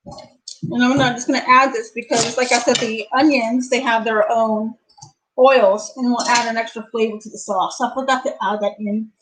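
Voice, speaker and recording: Chatty high-voiced woman cooking at home. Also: fairly even intonation, moderate pace, a bit bright, rough recording. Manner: chatty, talks to herself while cooking, sings and playfully whines. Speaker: cooking channel host. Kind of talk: live cooking stream chat. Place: home kitchen.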